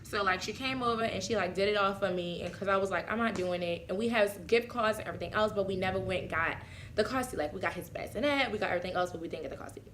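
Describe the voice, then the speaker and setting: A young woman vlogger telling a casual, animated story and acting out the quotes. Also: medium pitch, fast talker, a little hiss or hum. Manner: animated, acts out quotes with voice swings.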